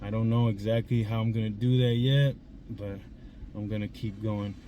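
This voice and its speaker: A man's voice: fairly low pitch, steady tone, normal speed, highs cut off, slight background noise. A man in his forties hosting a confessional vlog from inside a parked car, raw and emotional, swearing freely and choking up as he talks. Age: 40s. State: tearful, choked up. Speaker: vlog host.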